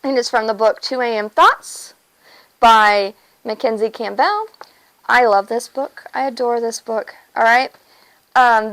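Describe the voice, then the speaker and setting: A woman's voice: a little high, a bit bright, poor audio. A woman host talking casually about poetry in a chatty, teacherly way, often checking in with the listener. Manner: chatty, teacherly, asks "all right?".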